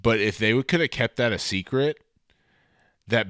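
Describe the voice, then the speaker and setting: A man co-hosting a podcast, reviewing a movie in casual chat, excited and rambling, swearing freely. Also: mid-range voice, moderate pace, clean tone, no echo, studio quality. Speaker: podcast co-host.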